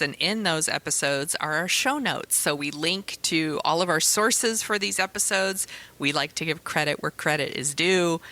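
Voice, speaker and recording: Bright-voiced woman co-hosting. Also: low voice. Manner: chatty, playful, reads lists of sources. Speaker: podcast co-host. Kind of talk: casual podcast chat.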